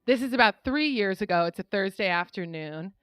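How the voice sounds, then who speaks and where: A woman's voice: medium pitch, lively intonation, a little fast, a bit bright, clean tone, no echo. A woman telling a true personal story on stage in a wry, conversational way, often laughing through her lines. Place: live storytelling venue.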